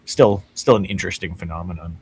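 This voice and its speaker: Low-ish male podcast co-host, easygoing, rambling with lots of "like" fillers. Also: fast, darkish tone, a little hiss or hum. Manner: easygoing, heavy use of "like" fillers. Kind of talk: casual chat.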